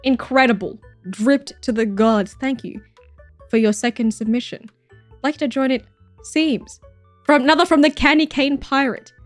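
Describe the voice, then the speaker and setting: A woman's voice: sits high, moderate pace, soft background music. A woman in her thirties streaming, who reacts to viewer photos with gushing praise, swearing and mock-jealous outbursts. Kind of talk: casual livestream chat.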